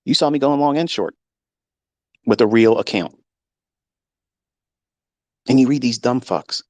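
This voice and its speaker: A blunt, foul-mouthed middle-aged man holds forth as a trading mentor in a live audio chat, his voice sitting at an ordinary middle pitch. He rants from his basement at home, close and dry with hardly any room sound, and now and then flares into loud, heated yelling. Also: unhurried, long pauses, no room sound.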